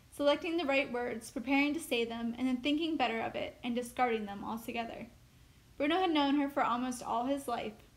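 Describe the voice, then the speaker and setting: A woman teacher reads a chapter of a novel aloud with steady, measured storytelling. Her voice is high. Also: poor audio.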